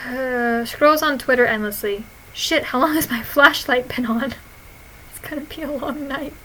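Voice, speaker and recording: Bright giggly young woman vlogger. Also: sits high, measured pace, slight background noise, poor audio. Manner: giggly, swearing, animated retelling. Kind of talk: casual reading of her own posts.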